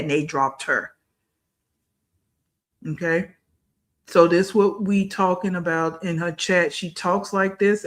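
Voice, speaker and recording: A man's voice: high voice, fairly bright tone. A man hosting a reaction video, giving blunt, mocking commentary on played clips.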